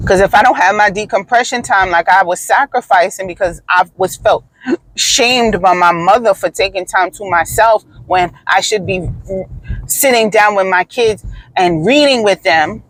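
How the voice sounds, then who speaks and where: A woman's voice: medium pitch, normal speed, a bit bright, dry recording, low-quality recording. A woman hosting a podcast, talking in a casual, blunt and profane way, with emphatic storytelling. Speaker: podcast host.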